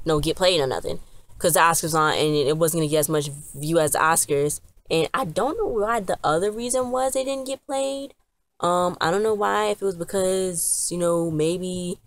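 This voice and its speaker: A woman's voice: on the low side, a bit bright. A woman chatting casually to camera as she recaps a TV episode, rambling along with lots of fillers and "she was like" retellings. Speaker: TV episode reviewer.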